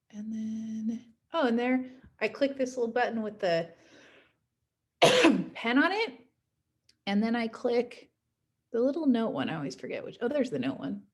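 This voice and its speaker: A woman teaching a class in a casual recorded lecture, chatty and often adding "right?" to check in with her students. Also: on the high side. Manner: chatty, frequent "right?" tags.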